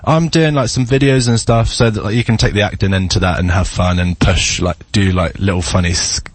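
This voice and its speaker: A man's voice: on the low side, fairly even intonation, fairly quick, no echo. A man, a singer and actor, chatting as a radio guest and telling stories with frequent laughs. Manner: laughs often, tells stories. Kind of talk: casual interview chat. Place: radio studio.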